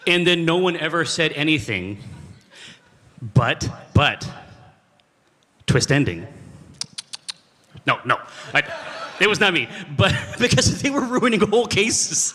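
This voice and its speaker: A man's voice: a little high, very animated, slow, long pauses, bright, forceful tone. A man telling rambling, joking stories while he banters on stage at a live panel. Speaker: panel host. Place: convention hall stage. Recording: long hall reverb.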